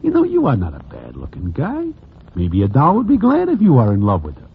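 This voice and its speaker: An actor playing a wry Broadway storyteller who narrates in a formal present tense, in a 1940s radio drama. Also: male voice, medium pitch, huge pitch swings, a little fast, vocal fry, husky, full character voice. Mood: droll. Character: wry Broadway storyteller man, plain-spoken. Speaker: narrator and lead character. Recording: tinny old radio broadcast.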